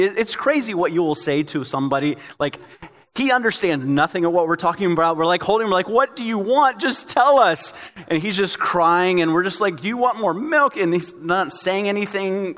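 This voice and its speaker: A young man, a pastor, preaching a sermon in a relaxed, joking, storytelling way. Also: on the high side, long reverb tail.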